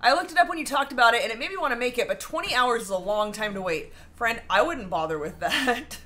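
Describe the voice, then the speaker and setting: A woman with a bright, forceful, fairly high voice co-hosts a casual baking livestream. She reads out viewer comments and teases them with frequent giggles. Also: lively intonation, fast. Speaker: cooking show co-host.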